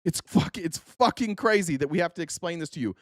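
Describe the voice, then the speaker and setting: A man's voice: on the high side, lively intonation, fairly quick, no room sound, clean studio sound. A man hosting a live political commentary stream, ranting at his chat in a heated, profane and sarcastic way.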